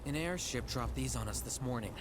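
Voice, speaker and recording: An actor playing a friendly, easygoing male village gatekeeper in a video game, speaking in a relaxed manner. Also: medium pitch, fairly quick, very noisy, natural voice. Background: game music.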